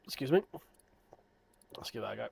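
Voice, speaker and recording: Man in his thirties, sim racing streamer, loose self-deprecating chatter, mid-pitched voice. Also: sing-song, a little fast, gravelly, darkish tone, breathy edge. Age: 30s. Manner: rambling, self-deprecating, joking. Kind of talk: casual live stream chat.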